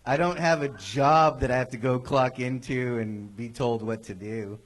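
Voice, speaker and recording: A man performing a stand-up set on a comedy club stage, then chatting casually, acting out other people in loud bursts. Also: mid-range voice, moderate pace. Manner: animated storytelling with loud voiced impressions. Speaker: guest comedian.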